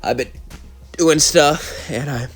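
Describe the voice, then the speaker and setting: A man's voice: on the high side, slow, husky, soft background music. A young man with a cold, narrating a fan story and chatting to viewers in a rambling, heartfelt way. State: sick with a cold, coughing. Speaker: channel host, storyteller.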